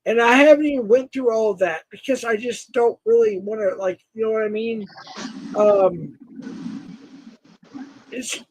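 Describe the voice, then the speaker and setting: A man talking as a guest on a casual livestream, halting, with many restarts. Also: sits high, darkish tone, low-quality recording. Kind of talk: casual live-stream chat.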